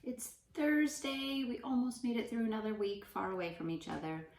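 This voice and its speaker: A young woman teaching kindergarten from home, speaking gently and slowly with soft whispers to encourage the children. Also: a little high, fairly even intonation, echoey room, recorded from a distance, a little hiss or hum. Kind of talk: remote class lesson for young children. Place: room at home.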